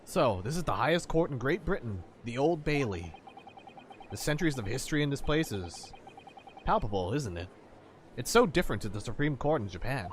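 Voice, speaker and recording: A man reading as a nervous young lawyer. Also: slight background noise. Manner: low, worried inner monologue. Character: young Japanese lawyer, anxious and earnest. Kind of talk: reading a game script aloud with voices.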